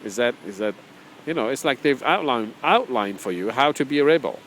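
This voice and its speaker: A man's voice: medium pitch, expressive, a little fast, fairly bright tone, a little hiss or hum, rough recording. A man as a spiritual teacher, talking casually and rambling through his own book, repeating phrases and chuckling often.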